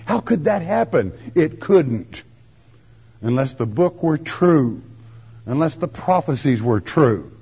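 An older man preaching a folksy verse-by-verse sermon, with homespun turns of phrase and slow, drawn-out emphasis. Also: a little high, sing-song, dark tone, husky, dull audio. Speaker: preacher teaching scripture.

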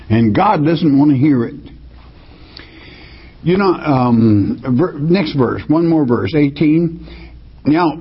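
A man preaching a Bible study, reading verses slowly and then explaining them in plain words. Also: fairly high pitch, breathy edge. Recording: dull lo-fi recording.

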